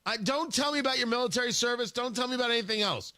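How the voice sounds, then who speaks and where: A man's voice: very high-pitched, rapid-fire, sharp tone, no room sound, studio quality. A man hosting a talk radio show, delivering a combative opinion monologue and repeating words for emphasis.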